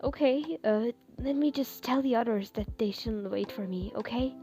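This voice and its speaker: A woman voicing a shy, gentle young man, talking softly and jumping to high startled squeaks when flustered. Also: measured pace, soft background music, natural voice. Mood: soft whispering. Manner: soft, hushed delivery, rising to startled squeaks.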